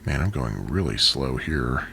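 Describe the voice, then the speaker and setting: Male cycling vlogger with a low voice and a rambling, chatty delivery, recorded outdoors on a camera with heavy road noise. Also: expressive, a little slow, vocal fry, pushed and bright. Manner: rambling, chatty, self-deprecating asides. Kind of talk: casual narration while riding a bike. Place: outdoors on a city bike trail and streets. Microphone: bike- or body-mounted action camera. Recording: outdoor wind and traffic noise.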